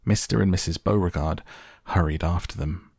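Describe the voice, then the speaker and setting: A man narrating a children's storybook in a steady, deliberate manner. His voice is very low, with a husky, gravelly texture. The recording is close and dry. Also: dry recording. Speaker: audiobook narrator.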